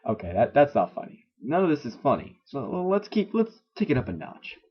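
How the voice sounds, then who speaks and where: A man's voice: medium pitch, big pitch swings, brisk, breathy edge. A man reading a story aloud and mocking it, sarcastic and swearing often in a dull lo-fi recording. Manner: sarcastic, swears a lot, laughs at the text. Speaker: story reader. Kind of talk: mocking read-through of a story.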